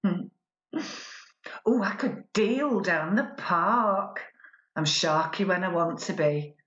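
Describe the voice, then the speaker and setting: A woman's voice: lowish voice, slow pace, fairly bright tone, echoey room, dull audio. A woman performing a spoken word poem as a pampered newlywed woman who imagines being poor, sardonic and mock-cheerful.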